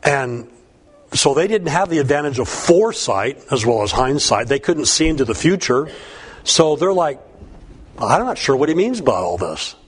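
A man's voice: medium pitch, big pitch swings, moderate pace, breathy edge. A man preaching a sermon, reading scripture and breaking into folksy, conversational asides. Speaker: pastor.

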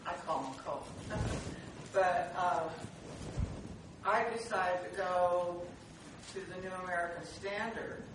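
A class member talks slowly and in a relaxed way, far from the microphone. The room is very echoey and background noise is clear. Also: medium pitch.

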